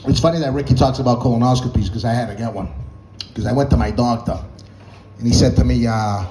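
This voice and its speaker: A stand-up comedian from Boston's North End speaks at medium pitch with a steady tone, quick and mellow, on a rough recording with slight hiss or hum. Groggy on antihistamine and a bit out of it, he rambles through profane stories and laughs at his own jokes.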